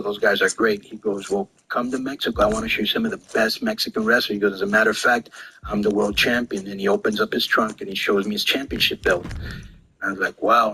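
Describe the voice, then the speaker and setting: Bright-voiced man telling wrestling stories. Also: lowish voice, slight background noise, rough recording. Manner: animated, acts out quoted lines. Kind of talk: casual storytelling.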